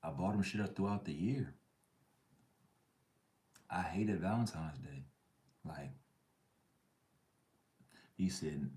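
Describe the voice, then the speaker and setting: A man's voice: low-pitched, slow, long pauses, a little mellow, reverberant. A man hosting a live chat stream, ranting bluntly in heavy slang. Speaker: livestream host.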